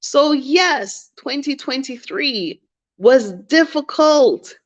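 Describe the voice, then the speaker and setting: A woman's voice: high voice, expressive, takes it slowly. A woman telling a personal story to camera in a candid, reflective way, repeating phrases for emphasis. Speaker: vlogger. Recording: dull lo-fi recording.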